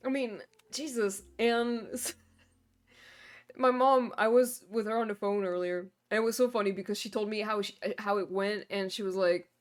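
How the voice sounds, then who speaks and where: A woman's voice: medium pitch, steady tone, moderate pace. A young woman streamer in casual chat, venting in long rambling runs full of fillers and swearing. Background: faint background music.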